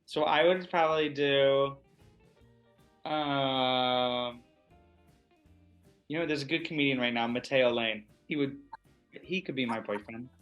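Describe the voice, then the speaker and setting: A man's voice: medium pitch, slow, pauses often, lo-fi sound, faint music behind. An American man, an actor guest, chatting expressively and casually in an interview. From USA.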